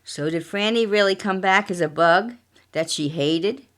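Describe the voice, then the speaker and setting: A woman narrating her own dark little mystery tale in a plain, unhurried read-aloud voice of middle pitch. She tells it like a podcast storyteller, slipping into quiet asides. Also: soft background music.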